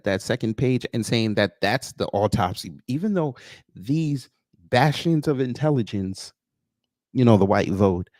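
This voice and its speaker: Greeting chat members by name, this male livestream host adds a sarcastic, mocking twist to his comments. He speaks at medium pitch with a slightly mellow tone, captured in clean, echo-free studio audio.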